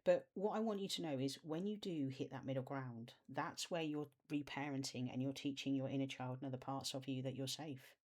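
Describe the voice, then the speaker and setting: A self-help coach talks straight to the viewer about healing the inner child, in a voice pitched neither high nor low. The delivery is soft and nurturing, warmly encouraging, with casual, chatty asides. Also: a little fast, hardly any pauses. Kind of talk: self-help video talk to camera.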